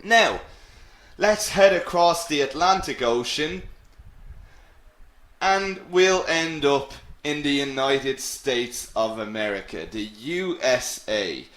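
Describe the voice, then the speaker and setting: A man teaching an English lesson, upbeat and encouraging, repeating key words slowly. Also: medium pitch, lively intonation, a bit bright. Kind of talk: live online English lesson. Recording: roomy echo.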